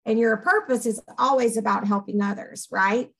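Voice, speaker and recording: A woman with a Southern accent, co-hosting a casual talk show and telling stories in an animated, rambling way. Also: a little high, moderate pace, rough recording. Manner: animated, upbeat, rambling storyteller. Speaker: podcast co-host, organization co-founder. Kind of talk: casual chat.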